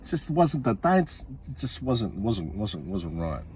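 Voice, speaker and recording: A man's voice: on the low side, big pitch swings, slow pace, a little mellow, slight background noise. A man, a comedian ranting bluntly and swearing often, repeating his points for emphasis. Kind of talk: profane comic rant.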